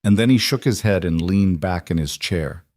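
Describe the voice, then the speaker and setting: Low-voiced male audiobook narrator. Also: normal speed, a little mellow, no echo, studio quality. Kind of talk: scripted romance audiobook narration.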